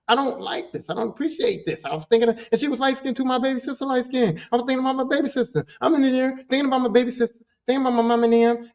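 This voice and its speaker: A man hosting a podcast who tells a story in a casual monologue. He talks with animated energy, swears freely and repeats phrases for emphasis. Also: very high voice, highs cut off. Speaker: podcast host.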